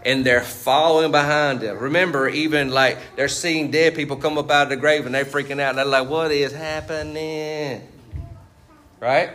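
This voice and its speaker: A male pastor delivers a conversational sermon, quizzing the congregation with fill-in questions and tagging his points with "right?" and "you see what I'm saying?". His mid-range voice is pushed and bright, with fairly even intonation, a brisk pace and few pauses.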